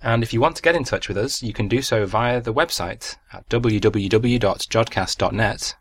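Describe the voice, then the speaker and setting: A man hosting an astronomy podcast, reading out listener feedback and closing notes in a relaxed, scripted way. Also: lowish voice, normal speed, husky, no echo. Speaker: podcast host.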